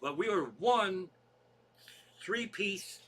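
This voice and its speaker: A man's voice: sits high, expressive, slow, fairly bright tone, a little hiss or hum. A man hosting his own comedy show, rambling through stories in a casual monologue and swearing constantly.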